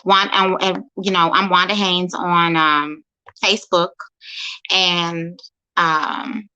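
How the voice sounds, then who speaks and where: A woman from St. Louis, a guest speaker, talking casually over a phone livestream, halting with many fillers and restarts. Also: lowish voice, little pitch movement, bright, forceful tone, clear, resonant tone, muffled recording. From St. Louis, USA.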